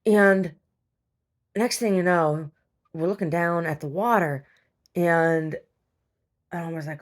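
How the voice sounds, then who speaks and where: A woman's voice: on the low side, takes it slowly, pauses often. A woman host telling a long casual story, rambling and chatty, full of fillers and restarts. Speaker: podcast host.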